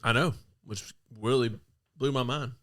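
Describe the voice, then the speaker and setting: A man co-hosting a podcast, chiming in with quick remarks and loud laughs. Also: medium pitch, no room sound, clean studio sound. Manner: quick interjections, laughs loudly. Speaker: podcast co-host. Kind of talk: casual chat.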